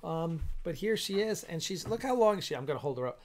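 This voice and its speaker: A man's voice: on the high side, animated, fairly quick. A man hosting a casual live-stream chat. He sounds tired and yawns, and he gives blunt, opinionated takes. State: tired and yawning.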